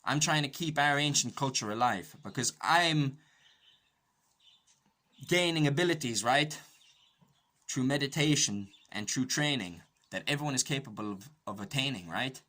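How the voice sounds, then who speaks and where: Bright-voiced Irish man ranting. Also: medium pitch, expressive, moderate pace. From Ireland. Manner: profane, conspiratorial, rambling, keeps asking "right?". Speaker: podcast host. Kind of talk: rambling comedic monologue.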